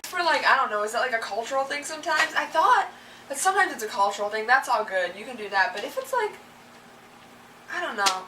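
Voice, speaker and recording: A young woman vlogger rants casually and with exasperation about things that annoy her, chatting away and acting out the people she complains about. Her fairly high voice is animated, quick, bright and forceful, recorded in a roomy space a little distant from the mic with slight background noise.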